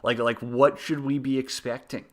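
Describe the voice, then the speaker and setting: A man's voice: medium pitch, flat delivery, moderate pace. A man hosting a sports interview, asking questions eagerly and in a friendly way. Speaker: sports show host.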